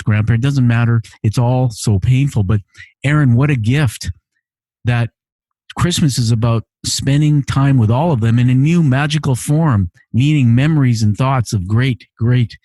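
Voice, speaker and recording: A man's voice: mid-range voice, moderate pace, dark tone, no room sound. A man hosting his podcast from a home studio, reading listener messages in an earnest, emotional way and often repeating phrases. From immigrant to Canada. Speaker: podcast host. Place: home living room studio.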